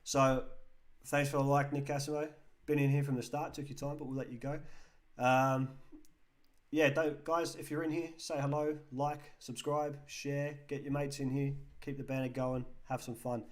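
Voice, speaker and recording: A man's voice: medium pitch, flat delivery, normal speed. An English man hosting a live football chat stream, casually reading out viewer comments and answering them. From England.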